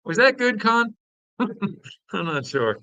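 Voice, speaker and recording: A man's voice: high voice, big pitch swings, slow, sharp tone, no echo. A man hosting a casual live-stream chat, reading viewer comments aloud and laughing. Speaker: podcast host.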